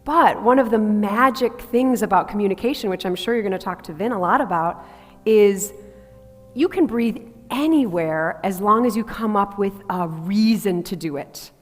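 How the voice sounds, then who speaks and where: A woman voice coach leads a workshop group in a large hall, teaching about breathing, demonstrating sounds and asking the live group to try them. Her voice is mid-range and her speed normal, with faint music in the background.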